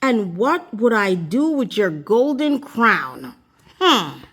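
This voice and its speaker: An ugly little storybook frog who bargains hard and then begs, his voice jumping up high and swinging widely, as a woman reader puts him on. He coaxes and demands in turn. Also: big pitch swings, slow pace, fairly bright tone, breathy edge, full character voice. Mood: scoffing. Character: small ugly male frog, coaxing and demanding.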